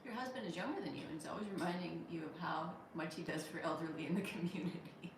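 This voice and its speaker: A woman hosting a casual live stream, reading viewer comments aloud in an animated, chatty way and laughing often. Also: on the low side, fast talker, distant mic. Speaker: livestream host. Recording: echoey room, voice off-mic, noisy.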